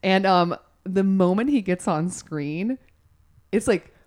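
A woman co-hosting a casual chat, telling stories in an animated way. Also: medium pitch, slow pace. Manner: chatty, animated storytelling. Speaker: podcast co-host.

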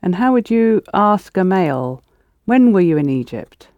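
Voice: medium pitch, sing-song, moderate pace, darkish tone, dry recording, dull audio. A teacher running a spoken Arabic lesson, patiently prompting students and explaining pronunciation.

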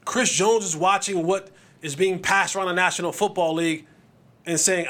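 High-voiced man ranting about sports. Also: normal speed. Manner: passionate, animated rant with repeated restarts. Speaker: podcast host. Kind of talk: casual sports commentary.

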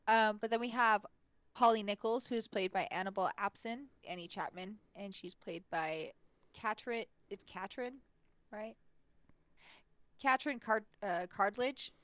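A woman's voice: mid-range voice, fairly bright tone. A woman co-hosting a casual movie podcast, often hesitating and stumbling over names while laughing. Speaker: podcast co-host. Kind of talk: casual chat about a movie.

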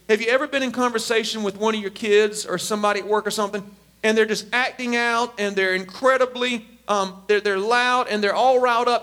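A man preaching a sermon as a pastor, emphatic and animated. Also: high-pitched. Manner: animated, emphatic, acts out quotes.

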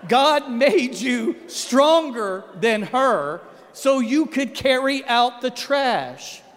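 A man preaches in a light, high voice. He jokes in a folksy way and drops to a hush to make a point. A long church-hall reverb trails his words. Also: expressive, extremely slow. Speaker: pastor. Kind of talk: sermon. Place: church sanctuary.

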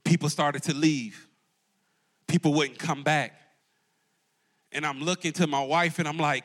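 A man's voice: a little high, steady tone, measured pace, pauses often, a bit bright. A man preaching a live sermon to a congregation in a church as campus pastor, calling out to the crowd and swinging his voice up and down for emphasis. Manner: call-and-response preaching, rising and dropping for emphasis. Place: church auditorium before a congregation.

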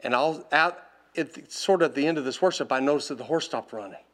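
A man preaching a sermon as a personal story, animated and laughing, often calling out to the congregation. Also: a little high, fast.

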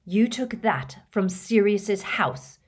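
A woman's voice: medium pitch, slow pace, slightly rough, pitched above the performer's own voice. A woman voicing an angry teenage boy wizard who talks tensely. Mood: furious.

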